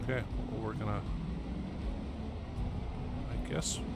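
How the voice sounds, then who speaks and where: A man's voice: fairly low pitch, fairly even intonation, takes it slowly, gravelly, heavy background noise. A man, streaming a game and telling meandering stories full of fillers and restarts. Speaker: gaming streamer. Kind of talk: rambling casual storytelling over gameplay.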